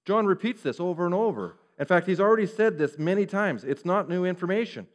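Man preaching a lively sermon. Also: sits high, fairly quick. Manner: animated, acts out quoted speech. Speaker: pastor. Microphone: referring to a screen, preaching to a congregation.

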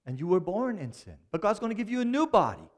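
A man preaching a sermon, animated, often dropping suddenly to a quiet voice for emphasis. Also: sits high, quick pace. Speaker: pastor.

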